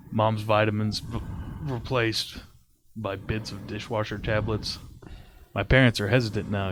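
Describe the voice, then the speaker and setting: Guy w a lower voice reading a spooky story plain and kinda flat, little hiss behind. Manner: crude joking, reads flatly with stumbles. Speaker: podcast co-host reading a horror story. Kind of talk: casual chat and read-aloud story.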